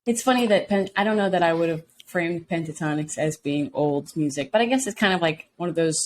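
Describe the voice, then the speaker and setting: A woman from Mississippi with a Southern accent, co-hosting a podcast in casual, animated chat and swearing freely. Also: lowish voice, fairly quick, a little hiss or hum. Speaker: podcast co-host.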